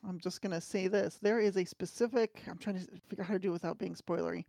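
A woman's voice: medium pitch, fairly even intonation, fast, vocal fry, mellow, no room sound, clean studio sound. A woman on a podcast panel, chatting casually and with enthusiasm. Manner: enthusiastic, chatty, restarts a lot. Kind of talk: casual chat.

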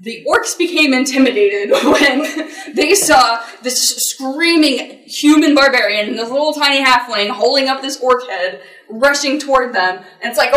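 Woman panelist, lively storyteller who laughs often, sounds distant in a roomy hall. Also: high voice, normal speed, hardly any pauses. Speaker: convention panelist, game master. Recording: roomy, from far off the mic.

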